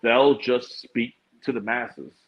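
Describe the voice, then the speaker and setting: A man co-hosting a podcast in casual chat, exclamatory and animated, often restarting his sentences. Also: medium pitch, slow. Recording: dull, muffled lo-fi sound.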